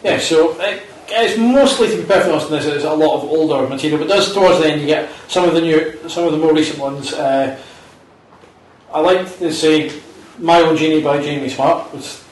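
A man's voice: fairly high pitch, brisk. A man from Britain co-hosting a casual chat, dry and rambling, often restarting sentences. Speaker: podcast co-host. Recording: echoey room, mic far off.

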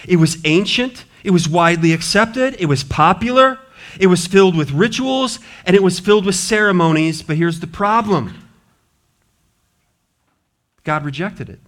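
A man preaching a sermon as a pastor, lively and playful, swinging between loud emphasis and hushed asides. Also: high voice, moderate pace. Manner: animated, shifting between loud and hushed delivery. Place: church.

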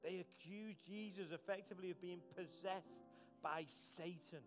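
High-voiced earnest pastor. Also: male voice, steady tone, moderate pace, music in the background. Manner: conversational, repeats words, earnest. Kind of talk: sermon.

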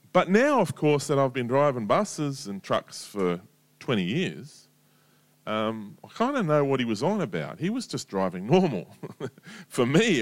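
A man delivers a casual sermon, talking to his listeners like friends. His voice sits at a middling pitch but swings widely and lively as he spins anecdotes and asides. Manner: conversational storytelling, lively, chatty asides. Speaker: preacher.

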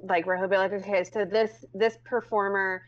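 A woman's voice: medium pitch, level tone, normal speed. A woman co-hosting a casual chat, rambling with many fillers. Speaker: podcast co-host. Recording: muffled lo-fi audio.

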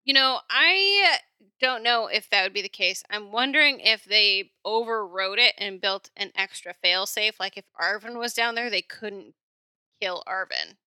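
Very bright-voiced woman, wry podcast banter. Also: mid-range voice, lively intonation, measured pace, clear, resonant tone, no echo. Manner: wry, laughs at herself, short agreeing replies. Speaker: podcast co-host. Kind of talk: casual chat.

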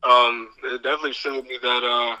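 A man, a basketball player, answering interview questions in a relaxed way with many fillers. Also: medium pitch, a little fast, no room sound, poor audio.

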